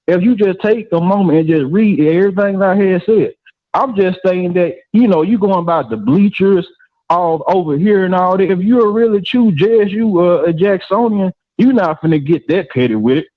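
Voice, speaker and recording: A man's voice: high voice, expressive, normal speed, dry recording, phone-quality sound. An angry man with a Southern US accent calling into a live show, swearing and talking over the host. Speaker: caller.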